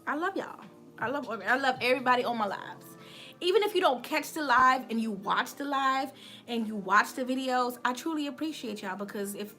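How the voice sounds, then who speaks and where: A chatty woman in her thirties hosts a casual livestream, greeting viewers and laughing through a story. Her voice sits high and sounds bright. Faint music plays behind her. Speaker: livestream host.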